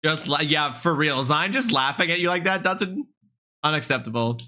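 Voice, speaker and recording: A fairly high, bright and forceful male voice, talking casually to a live stream chat on a desk mic. He jumps between playful outrage and quick banter, cursing often and addressing viewers directly. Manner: animated, mock-indignant, swears freely, talks straight to chat.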